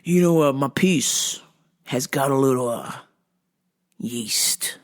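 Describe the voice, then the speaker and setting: A woman's voice: rumbling low, takes it slowly, pitched below the performer's own voice. A woman voicing a hesitant adult male store customer who stalls with fillers as he speaks. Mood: sheepish.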